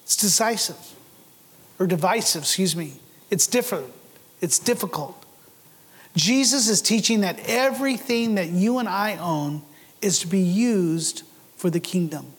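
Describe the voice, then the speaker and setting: Speaking unhurriedly in a slightly rough, high voice, this pastor preaches a sermon that echoes through a church sanctuary. His manner is earnest, and he puts rhetorical questions to the congregation.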